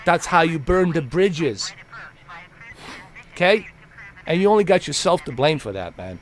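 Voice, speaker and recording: A man's voice: fairly high pitch, very animated, unhurried. Heated, profane man ranting on stream. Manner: repeats himself for emphasis. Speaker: live streamer. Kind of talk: live-stream rant to chat.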